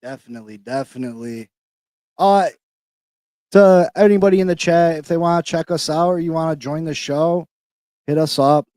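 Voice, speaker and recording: A man hosting a casual sports podcast, talking in hyped-up slang and shouting out people in the chat. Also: on the high side, normal speed, no echo, studio quality. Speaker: podcast host. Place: New York.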